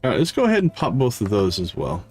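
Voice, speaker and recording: A man hosting a livestream, chatting casually with fillers and quick asides as he plays. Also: on the low side, huge pitch swings, darkish tone. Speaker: livestream host. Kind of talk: casual game commentary. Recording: faint game music behind.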